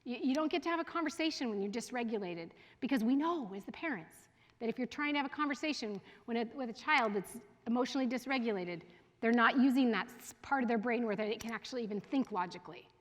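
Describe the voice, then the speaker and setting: A chatty woman with a slightly high voice leads a parenting workshop for a room of parents, laughing easily and checking in with her audience. Her voice rings out with a long hall reverb, as if heard at a school evening event. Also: fast. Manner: chatty and animated, often laughing and asking the audience. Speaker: school division head giving a parenting talk. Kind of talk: casual workshop talk to parents.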